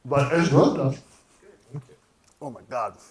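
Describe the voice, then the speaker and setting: A man's voice: mid-range voice, slow pace, distant mic. Rambling man in an echoey kitchen. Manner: enthusiastic, rambling, trailing off mid-sentence. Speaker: cooking show co-host. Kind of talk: casual livestream chat while eating.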